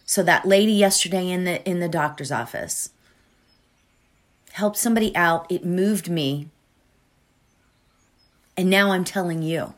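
An earnest woman talks in a slow, unhurried way as she leads into a meditation, her voice sitting fairly low. She often checks in with her listeners by asking "right?". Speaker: meditation guide. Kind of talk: reflective talk before a guided meditation.

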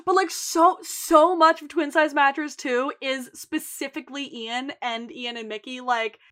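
A young woman co-hosts a casual podcast and recaps a TV episode with energy. Her voice is bright and crisp, set a little high. She slips into quick acted quotes of the characters. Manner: animated retelling, quotes characters. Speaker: podcast co-host.

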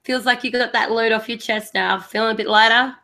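Australian woman host, a little high-pitched, lively ranty podcast chat. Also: a little fast, gravelly. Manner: animated, laughing, ranting. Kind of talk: casual chat.

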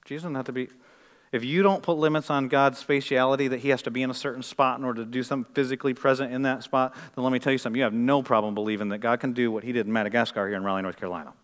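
A man preaching a sermon in a church, shifting between loud, emphatic stretches and quiet, intense ones. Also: medium pitch, steady tone, racing. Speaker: pastor.

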